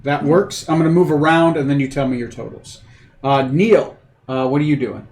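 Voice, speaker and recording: A man's voice: a little high, normal speed, a little mellow. A man acting as game master for a tabletop game, narrating loosely with many fillers and restarts. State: has the hiccups.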